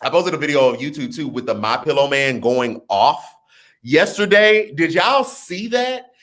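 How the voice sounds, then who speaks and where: A man hosting a casual livestream, reading viewer comments and chatting with his audience in an animated, talkative way. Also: a little high, normal speed. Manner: chatty, animated, talks straight to his chat. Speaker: livestream host.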